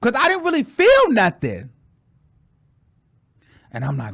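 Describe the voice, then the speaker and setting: A man hosting his own show, telling a story in a sassy, dramatic way and calling his listeners "girl", with sudden loud exclamations. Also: very high-pitched, wildly swooping pitch, measured pace, gravelly. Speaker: show host. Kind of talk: casual storytelling chat.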